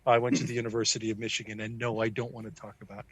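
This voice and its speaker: A man in his sixties with an American accent, a psychiatrist guest telling a personal story in an animated, self-deprecating way. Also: on the low side, very fast, slightly rough, no room sound. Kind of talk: conversational storytelling.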